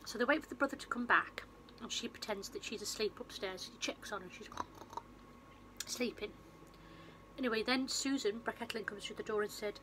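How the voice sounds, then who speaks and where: A female vlogger and film reviewer casually retells a movie plot, rambling with lots of fillers and restarts. Recorded on a phone with background noise, her voice is a little high and moderately paced.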